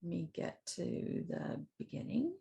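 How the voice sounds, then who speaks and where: Woman, literacy teacher; unhurried, gravelly voice pitched a bit low, giving an informal book talk. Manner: slow, relaxed retelling with many ums. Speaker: literacy educator sharing picture books.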